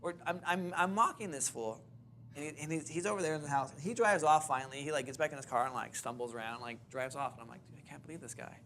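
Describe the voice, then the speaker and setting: A man leads a real estate seminar and tells a story to the room in an animated way, jumping between his own voice and the voices of the people in it. His pitch sits a little above the usual for a man. A faint hum of room noise runs beneath him. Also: fast. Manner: animated storyteller, acts out quoted dialogue. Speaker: real estate course instructor.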